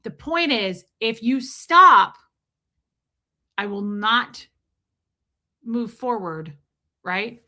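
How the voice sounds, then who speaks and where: A woman's voice: fairly high pitch, animated, extremely slow, long pauses, bright, forceful tone. A middle-aged American woman hosting a live stream, talking bluntly and profanely while reading viewers' chat messages. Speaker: livestream host. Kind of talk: live-stream commentary, reading super chats.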